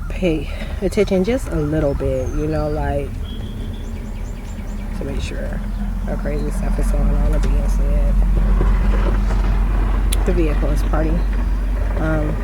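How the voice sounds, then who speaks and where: A woman telling a rambling, animated story on her porch, laughing and cursing as she goes. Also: low-pitched, heavy background noise. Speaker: vlogger. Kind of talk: rambling casual monologue.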